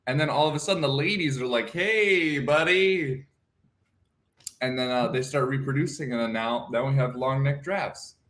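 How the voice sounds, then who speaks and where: A man's voice: medium pitch, quick pace, hardly any pauses. A man co-hosting a casual morning chat, telling rambling, goofy stories. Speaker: co-host.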